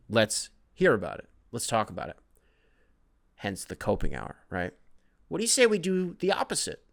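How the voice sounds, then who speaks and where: A man's voice: medium pitch, vocal fry, pushed and bright, dry recording, studio quality. A man hosting a casual solo sports podcast who rambles, swears freely, jokes and reads listener emails aloud. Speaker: podcast host.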